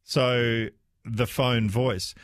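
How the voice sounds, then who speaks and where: A man's voice: medium pitch, steady tone, extremely slow, no echo, clean studio sound. A man hosting a talkback radio show, chatting and inviting listeners to call in.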